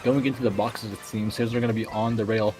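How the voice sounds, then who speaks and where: A man giving casual color commentary on a competitive racing match, with quick analytical remarks. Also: lowish voice, level tone, music in the background, rough recording.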